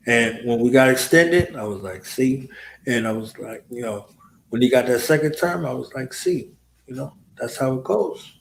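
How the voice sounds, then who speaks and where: A man hosting a casual chat, telling animated, boastful and profane stories and acting out the people he quotes. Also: medium pitch, moderate pace, creaky, roomy sound, a little hiss or hum. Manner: animated storytelling, acts out quoted voices. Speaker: host.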